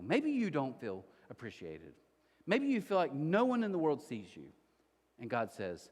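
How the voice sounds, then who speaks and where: A man in his forties preaching a sermon in a church auditorium, telling stories in an animated way and acting out the quotes. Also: sits high, a little fast, big-room sound. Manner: animated storytelling, acts out quotes. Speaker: pastor.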